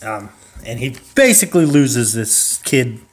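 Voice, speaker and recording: A man's voice: medium pitch, big pitch swings, unhurried. A man chatting casually about a comedy character, laughing often and acting out bits of dialogue. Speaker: co-creator describing a character. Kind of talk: casual chat.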